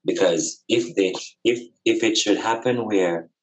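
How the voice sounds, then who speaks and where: In a low-quality recording, a man with a fairly low pitch speaks unhurriedly. He's a podcast guest on a video call, making his case earnestly with fervent, repetitive, sermon-like emphasis.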